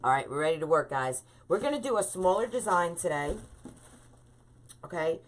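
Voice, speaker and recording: A woman with a slightly low voice hosts a live wreath-making stream. She chats freely and greets each viewer by name as she works through the tutorial. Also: expressive, moderate pace. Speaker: wreath designer hosting a live craft stream.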